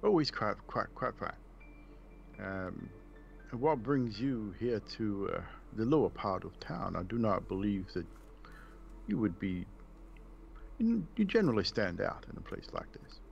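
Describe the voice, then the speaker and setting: A man voicing a courteous, formal gentleman adventurer in a tabletop role-play. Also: lowish voice, sing-song, measured pace, gravelly, long pauses, muffled recording, a little hiss or hum, heavily acted. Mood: polite. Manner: formal, stately phrasing.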